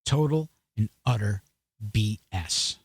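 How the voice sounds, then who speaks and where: A man's voice: on the low side, animated, slow pace, husky, dry recording, studio quality. A man hosting a podcast, giving blunt, sarcastic commentary and often restarting mid-sentence as he talks straight to his viewers. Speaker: podcast host. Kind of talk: opinionated news commentary.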